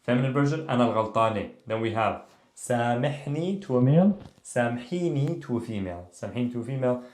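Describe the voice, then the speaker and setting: A man teaches a casual language lesson at a mid-range pitch. He repeats example phrases and checks in with his viewers as he goes. His voice bounces around a noticeably echoey room. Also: a little fast. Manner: relaxed explaining, repeating phrases, frequent "okay?" and "tamam?". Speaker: Arabic teacher.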